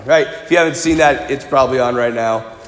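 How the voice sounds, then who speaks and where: A man in his forties preaching a sermon, animated and conversational, telling personal stories. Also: mid-range voice, fairly quick. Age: 40s. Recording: echoey hall.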